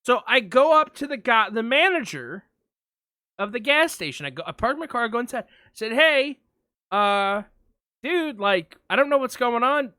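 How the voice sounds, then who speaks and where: An animated man spinning a story on a casual podcast, his voice swooping up and down as he acts out each exchange. The tone is bright and clear, recorded close and dry. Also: very high-pitched, moderate pace, dry recording. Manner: animated anecdote telling, acts out quotes. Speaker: podcast co-host.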